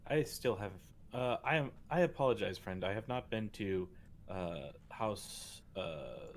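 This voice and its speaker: A formal, courteous adventurer, as a man plays him, polite and slightly hesitant. His voice is fairly low. He sounds like a careful diplomat in a tabletop game. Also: expressive, measured pace, a little hiss or hum.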